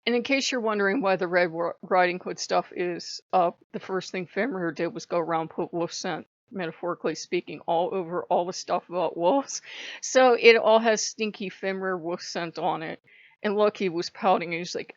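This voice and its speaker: A woman hosting a casual spiritual vlog, telling stories in an animated, profane way and laughing often, on a dull lo-fi mic. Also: lowish voice, moderate pace, dry recording. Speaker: channel host.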